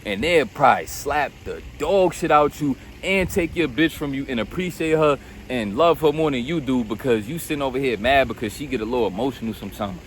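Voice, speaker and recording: A man's voice: medium pitch, expressive, brisk, few pauses, slight background noise. A man giving an unscripted motivational rant straight to camera, blunt and profane, calling the listener bro and repeating himself. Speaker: self-help video host.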